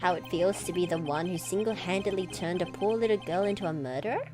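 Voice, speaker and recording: A woman voicing a smug, scheming middle-aged police chief who talks down to others in a slow, mocking way, reading game dialogue aloud on stream. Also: on the low side, over music, voice pushed down, lightly acted. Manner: condescending, mocking, slow and taunting.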